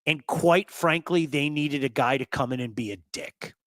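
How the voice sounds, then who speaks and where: Animated, blunt man hosting hockey talk. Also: fairly high pitch, normal speed, dry recording. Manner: animated storyteller, repeats words for emphasis; blunt, swears. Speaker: hockey talk show host. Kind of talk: casual sports talk.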